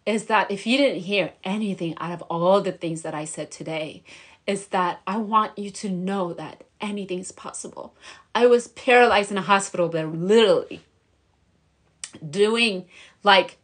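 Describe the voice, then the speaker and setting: A woman's voice: mid-range voice, fairly bright tone. A young woman vlogger talking earnestly and emotionally, encouraging her viewers in a motivational chat. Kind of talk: motivational vlog talk.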